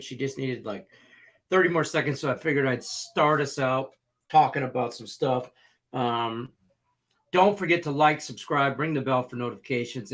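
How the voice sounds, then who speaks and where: A man co-hosting a sports betting talk show, telling rambling, jokey stories in casual chat. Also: mid-range voice. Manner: rambling, jokey, animated storytelling.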